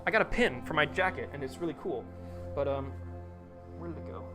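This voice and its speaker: A man's voice: on the high side, a little fast, music in the background. A man hosting a live stream, chatting casually and rambling with lots of fillers and restarts.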